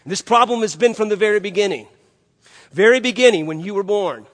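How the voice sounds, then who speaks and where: Older pastor preaching in a reverberant church. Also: male voice, sits high, lively intonation, brisk, fairly bright tone. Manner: storytelling, emphatic, conversational preaching. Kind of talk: sermon. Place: church sanctuary.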